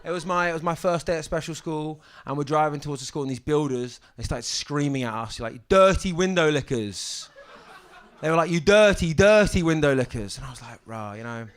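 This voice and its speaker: A young man doing a stand-up set on a club stage, with a halting deadpan delivery full of ums and restarts. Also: on the high side. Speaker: stand-up comedian. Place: comedy club stage with audience. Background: audience laughter.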